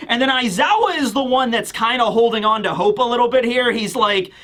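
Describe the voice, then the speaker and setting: High bright-voiced male manga reviewer. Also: brisk. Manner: rambling, fillers, slips into character voices. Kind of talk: casual commentary.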